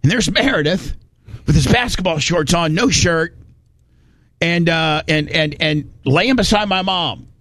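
A man's voice: a little high, unhurried, no room sound. Folksy man spinning a yarn. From Indiana. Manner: rambling, folksy, animated when quoting people. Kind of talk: casual storytelling.

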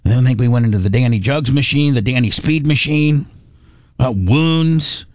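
A man's voice: mid-range voice, moderate pace, a little mellow, dry recording, studio quality. Rambling man hosting a radio show. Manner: rambling, self-interrupting, joking. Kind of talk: casual morning radio banter.

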